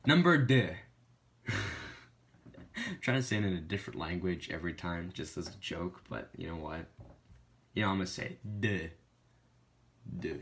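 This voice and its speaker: A man's voice: sits low, normal speed, long pauses, fairly bright tone. A young man recording an advice video, stumbling over his script and mocking his own mistakes. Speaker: vlogger filming outtakes.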